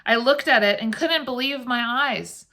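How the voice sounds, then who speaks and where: A shaken teenage son from a ghost story, trying to sound offhand while his voice trembles, put on by a woman reading aloud. Slightly raised and bright in tone. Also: on the high side, unhurried, voice pushed up.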